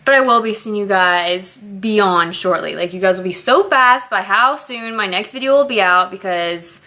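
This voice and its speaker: A woman's voice: mid-range voice, moderate pace, pushed and bright. A woman vlogger talking candidly in a casual, rambling way, laughing often as she speaks. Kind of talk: casual confessional vlog chat.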